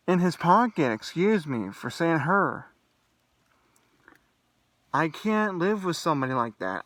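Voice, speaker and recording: A young man delivers an agitated, expletive-heavy monologue straight to the viewer. His voice sits fairly high, and the recording is dry with no room echo. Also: a bit bright. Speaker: vlogger. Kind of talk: angry solo rant to camera.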